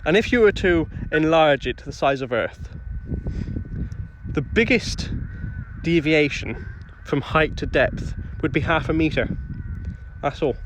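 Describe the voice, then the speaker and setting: A man's voice: fairly high pitch, a little slow, background noise. A man hosting a casual livestream outdoors, chatting with viewers and joking as he digs for finds. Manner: chatty, jokey, talks to chat while working. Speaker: livestream host.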